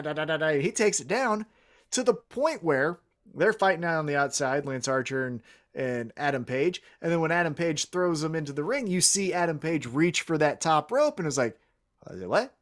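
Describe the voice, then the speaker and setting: Chatty man with a lively voice. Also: on the high side. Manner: rambling storyteller, salty and profane. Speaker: podcast co-host. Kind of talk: casual chat.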